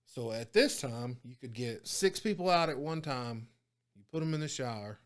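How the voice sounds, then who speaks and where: A man with a drawl spins stories as a podcast guest, salty and loose with his swearing. He talks in a relaxed, conversational way and acts out the people he quotes, his voice rising when things get heated. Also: mid-range voice, normal speed. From Oklahoma. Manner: profane, animated storytelling with quoted dialogue. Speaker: guest, former prison guard. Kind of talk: casual storytelling interview.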